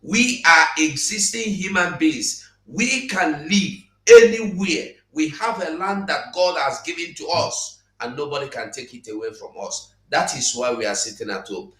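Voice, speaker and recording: A Nigerian man giving an impassioned address, repeating himself and hesitating before growing forceful. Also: fairly high pitch, animated, measured pace, few pauses, roomy sound, low-quality recording. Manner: repetitive, hesitant with fillers, then forceful. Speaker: guest speaker. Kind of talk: impassioned address in an online broadcast.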